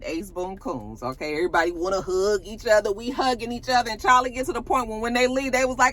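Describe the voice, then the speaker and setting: A woman's voice: medium pitch, fairly quick, hardly any pauses. A woman casually recapping a reality show episode, acting out quotes with swearing and laughter. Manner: animated storytelling, acting out quotes, cursing, laughing.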